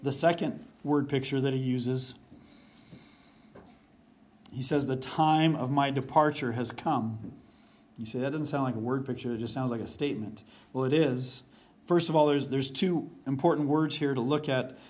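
A man preaching a sermon as pastor, repeating phrases for emphasis and dropping low and quiet when reading verses. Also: steady tone, moderate pace. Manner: varies pace and volume, drops low for quoted verses.

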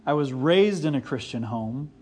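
A man's voice: mid-range voice, expressive, normal speed, a little mellow, a little hiss or hum. A man in his forties preaching a sermon, earnest and repeating key phrases for emphasis. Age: 40s. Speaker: pastor.

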